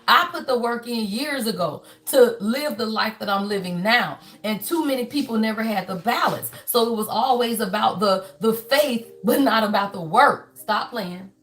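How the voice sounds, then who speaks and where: Here a woman in her fifties, working as a spiritual reader and life coach, speaks at a moderate pace with few pauses in a fairly high, slightly bright voice. Giving a reading to her viewers, she comes across as preachy and forceful, swears freely, and repeats lines for the audience's benefit.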